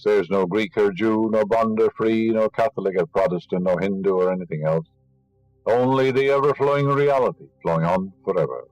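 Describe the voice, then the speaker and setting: A man's voice: fairly low pitch, darkish tone, no echo, rough recording. A man delivering a spiritual lecture, emphatic and teaching, scornful of superstition and fond of rhetorical questions. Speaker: inspirational lecturer.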